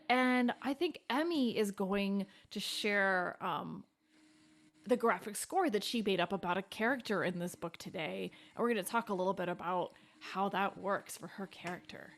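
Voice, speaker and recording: A woman's voice: medium pitch, expressive, moderate pace. A woman hosting a children's music stream, upbeat and patient as she explains and sings out the notes. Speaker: host and cellist.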